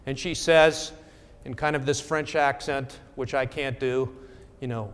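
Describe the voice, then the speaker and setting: A man's voice: mid-range voice, fairly even intonation, unhurried, in a large hall, a little hiss or hum. A middle-aged man presenting at a talk, telling a wry story in a conversational way with frequent check-ins to the audience.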